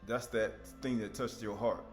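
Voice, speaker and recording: A man preaching a sermon in a conversational, animated way, with sudden loud outbursts. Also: lowish voice, moderate pace, music in the background.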